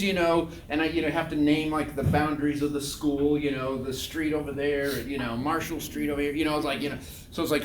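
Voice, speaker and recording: A man telling a humorous story in a talk, animated and acting out quotes loudly. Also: on the high side, fairly quick, slight background noise. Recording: roomy, distant mic.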